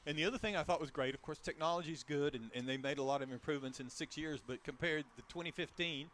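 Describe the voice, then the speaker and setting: A man's voice: a little high, fast, a bit bright, a little hiss or hum. A man co-hosting a car show, chatting casually and reeling off prices and specs. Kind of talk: casual outdoor chat.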